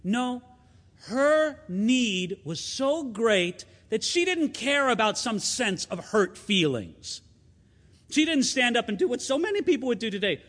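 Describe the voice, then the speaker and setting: A man preaching a sermon as pastor, conversational and expressive, asking his listeners rhetorical questions. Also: very high voice, measured pace, in a large hall.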